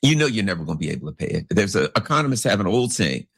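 A man's voice: rapid-fire, slightly rough, no room sound. A man giving a rambling, casual commentary monologue, acting out the people in his stories. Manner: rambling, animated, swoops into big pitch jumps; acts out characters in anecdotes.

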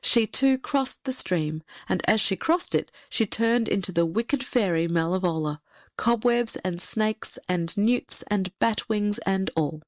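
A woman's voice: mid-range voice, lively intonation, a little slow, dry recording, studio quality. Woman reading a fairy tale aloud. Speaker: audiobook reader. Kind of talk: storybook narration.

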